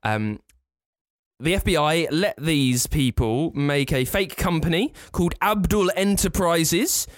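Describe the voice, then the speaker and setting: A man's voice: a little high, slow, no room sound, studio quality. A man co-hosting a podcast in casual chat, ranting with exasperation. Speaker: podcast co-host.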